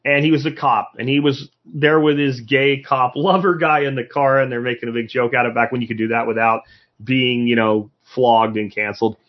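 A man's voice: mid-range voice, steady tone, brisk, muffled recording. A man from the United States giving a casual, opinionated talk to an audience, emphatic and full of rhetorical questions. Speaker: speaker addressing a live audience.

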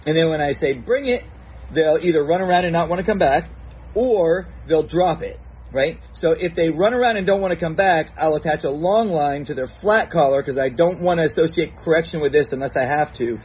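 A fairly high-voiced man walks through a dog training routine step by step, calm and patient. He acts out his commands in a bright, praising tone. The recording is a little dull, with a faint hiss behind him. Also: brisk. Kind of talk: recorded instructional segment.

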